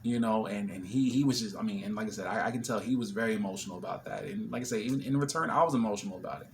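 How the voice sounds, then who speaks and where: A man's voice: lowish voice, rapid-fire, creaky, a little hiss or hum. A man vlogging, casually telling an emotional story and retelling a conversation line by line. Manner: emotional, retelling a conversation with quoted back-and-forth.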